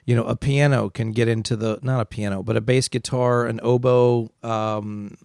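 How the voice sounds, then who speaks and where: Gravelly man in casual podcast chat. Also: medium pitch, steady tone, moderate pace, a little mellow, no room sound, clean studio sound. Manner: opinionated, rambling, self-described facts guy. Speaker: podcast co-host.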